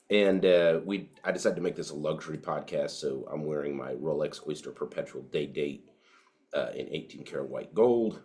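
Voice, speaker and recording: Over cigars and whiskey in an indoor home podcast setup, a male co-host chats casually, swearing and using many fillers in a laid-back way. He speaks in a bass voice with a darkish tone.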